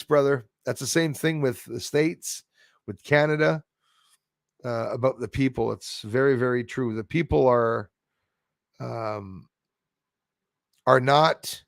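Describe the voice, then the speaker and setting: Gravelly-voiced man hosting a live stream. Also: medium pitch, dry recording, studio quality. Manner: rambling, greets viewers and reads chat aloud. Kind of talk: casual live stream chat.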